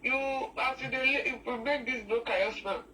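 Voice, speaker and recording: Halting Nigerian woman caller, far off. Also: on the high side, bright, forceful tone, a little hiss or hum. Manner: emotional, halting, many restarts. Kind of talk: call-in discussion, mixing English and Pidgin.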